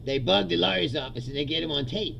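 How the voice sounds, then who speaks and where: A man hosting a casual comedic chat, telling stories with lots of laughter and quick impressions. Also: fairly high pitch, gravelly, a little hiss or hum. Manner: laughs a lot, animated storytelling with impressions. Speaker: host.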